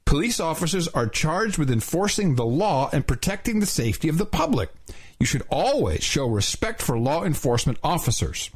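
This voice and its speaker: A husky man with a fairly high voice reads aloud in a casual talk show. He swings his pitch widely, which makes the reading sound mock-solemn. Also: very animated, normal speed. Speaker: podcast host. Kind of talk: casual chat, reading aloud from a children's book.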